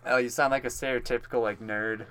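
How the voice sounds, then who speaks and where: A man co-hosting a podcast, teasing with crude, quick comebacks in casual banter. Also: mid-range voice, fairly even intonation, fairly bright tone. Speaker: podcast co-host.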